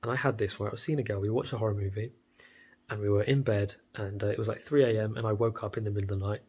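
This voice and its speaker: Husky-voiced blunt British young man. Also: lowish voice, fairly even intonation, rapid-fire, a little mellow. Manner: blunt, profane, rambling. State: stuffy with a cold. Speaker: vlogger. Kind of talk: casual monologue to camera.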